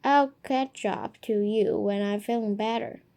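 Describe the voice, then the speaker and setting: A woman voicing a hurt young male goose who speaks in a weak, quiet voice in a storybook reading. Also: medium pitch, unhurried, natural voice.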